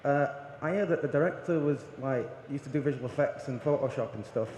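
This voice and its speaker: A man's voice: mid-range voice, a little fast, a little mellow, a little hiss or hum, close to an everyday voice. Man plays cheeky masked fan, northern English put-on accent, mock-dismissive, reverberant hall mic. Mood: teasing. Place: large convention hall with audience. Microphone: handheld audience mic. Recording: echoey convention hall.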